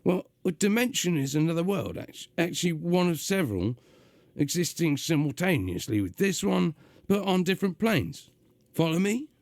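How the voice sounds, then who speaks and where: Fields: Figure: a man putting on a gruff demon. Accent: London. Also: fairly high pitch, big pitch swings, moderate pace, no room sound, clean studio sound, voice pushed up. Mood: exasperated. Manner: gruff, exasperated. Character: gruff male demon magician, impatient and pushy.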